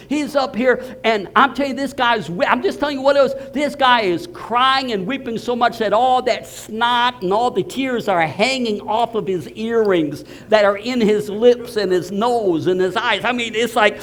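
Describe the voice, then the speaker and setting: An older man preaching, telling a story with loud exclaims and low murmurs. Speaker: pastor. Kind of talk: storytelling sermon.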